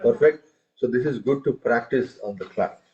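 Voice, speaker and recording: A man's voice: mid-range voice, moderate pace, highs cut off, over a noisy crowd. A man teaching a group tabla lesson, counting beats and reciting drum syllables for students to follow.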